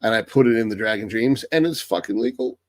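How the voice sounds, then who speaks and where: A man's voice: lowish voice, fast, no room sound. An American man hosting a live Q&A stream, reading viewer questions aloud and answering them bluntly with a lot of swearing. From United States.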